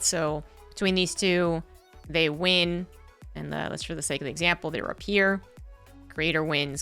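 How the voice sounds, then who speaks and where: Man, esports caster, casual explainer, smooth clear tone, self-correcting. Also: high voice, bright, forceful tone. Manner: chatty, self-correcting, walks through diagrams.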